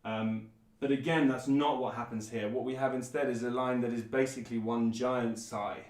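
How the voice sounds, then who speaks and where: A man presenting and explaining a piece of classical music in a thoughtful, measured way, with frequent ums. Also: mid-range voice, fairly even intonation, darkish tone. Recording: roomy echo, mic at a distance.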